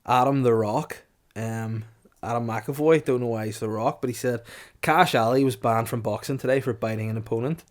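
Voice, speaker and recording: A man's voice: mid-range voice, normal speed. Man in his thirties, podcast co-host, crude joking storyteller, laughs a lot. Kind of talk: casual comedic chat.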